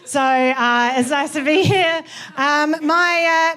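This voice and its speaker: This is a high, bright-pitched Australian woman performing stand-up comedy live in a theatre. She talks chattily, giggles between lines and breaks into little cheers. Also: unhurried, hardly any pauses. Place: live theatre stage with audience.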